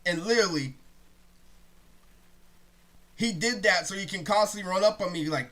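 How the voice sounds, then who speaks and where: A young man talks straight to camera in a high, bright voice. His monologue is heated and rambling, full of profanity. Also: moderate pace, long pauses. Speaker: vlogger.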